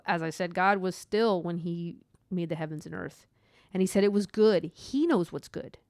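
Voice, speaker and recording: A woman's voice: lowish voice, normal speed, darkish tone, no room sound, clean studio sound. A woman hosting her own faith podcast, talking in an earnest, rambling way with lots of asides. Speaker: podcast host. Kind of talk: personal faith podcast monologue.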